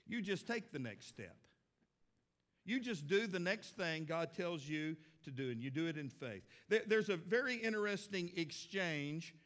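A man's voice: high-pitched, a bit bright. A middle-aged man preaching a sermon as a pastor, folksy and conversational with emphatic stresses.

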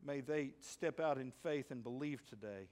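Male pastor, mid-pitched, animated sermon storyteller who bursts into shouts for emphasis. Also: normal speed. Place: church sanctuary.

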